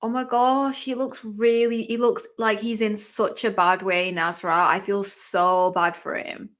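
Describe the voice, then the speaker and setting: A woman hosting a live fight-watching stream, chatty and excitable, with lots of exclamations and fillers. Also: medium pitch, measured pace. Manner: chatty, filler-heavy talk. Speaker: livestream host.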